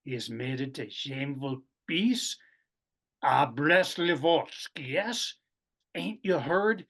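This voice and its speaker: A man reading aloud in a put-on Russian accent, voicing an excitable Russian man who tells his tale in broken English with questioning asides. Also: fairly high pitch, slow, heavily acted. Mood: animated storytelling.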